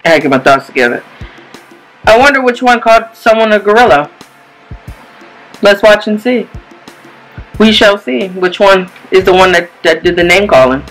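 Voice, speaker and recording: A woman hosting a casual reaction video, loud and animated, laughing and cursing as she comments. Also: medium pitch, moderate pace, pauses often, faint music behind, poor audio.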